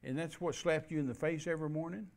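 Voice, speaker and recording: A man preaches a storytelling sermon, folksy and animated, acting out the voices of the people in his tale. His voice sits a little high for a man and carries a gravelly, creaky texture. He swings between soft asides and loud bursts. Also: fast. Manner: folksy, animated, acts out quotes.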